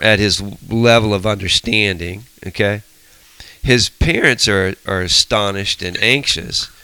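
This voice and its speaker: Low, bright-voiced man leading Bible study. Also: clear, resonant tone, no echo, low-quality recording. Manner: animated storytelling with frequent restarts. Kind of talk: casual teaching discussion.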